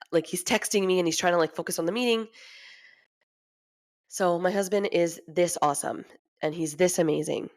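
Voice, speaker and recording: A woman's voice: on the low side, fairly quick, long pauses, a little mellow. A woman in her thirties hosting a casual podcast, chatty and candid, often laughing as she talks. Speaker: podcast host. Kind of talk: casual chat.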